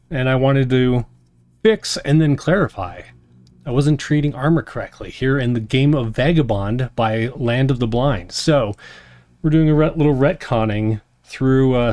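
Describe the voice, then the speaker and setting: A man hosting and narrating a solo tabletop game on a stream in a slow, deliberate storytelling voice. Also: medium pitch, darkish tone, no room sound. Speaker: game master and host.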